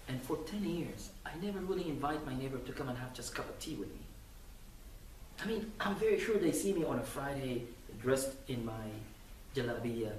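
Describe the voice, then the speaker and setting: A man's voice: fairly high pitch, a little hiss or hum. Man preaching in an echoey mosque. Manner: animated storytelling with acted quotes. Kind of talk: Friday sermon. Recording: echoey mosque hall from far off.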